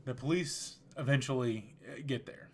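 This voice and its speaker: A man hosting a podcast, telling a story casually in a relaxed, rambling way with frequent restarts. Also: medium pitch, moderate pace, a little hiss or hum. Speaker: podcast host.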